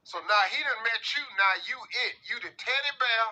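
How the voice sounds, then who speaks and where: A man with a high, ringing voice holds court as a radio host, picking apart a listener letter for laughs. He drawls his lines with playful slang and big comic timing. The sound is very bright and forward. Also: brisk, poor audio. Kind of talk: comedic radio commentary.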